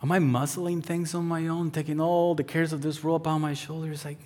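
A man in his thirties preaching a sermon as pastor, telling stories and acting out the voices in them, sometimes dropping to a soft near-whisper. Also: a little high, flat delivery, fairly quick. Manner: storytelling, acts out voices in quotes, drops to soft near-whisper.

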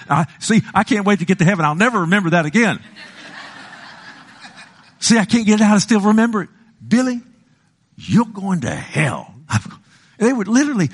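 An older man with a fairly high-pitched voice preaches a passionate sermon, shifting from loud pleading to hushed lines and acting out the voices he quotes.

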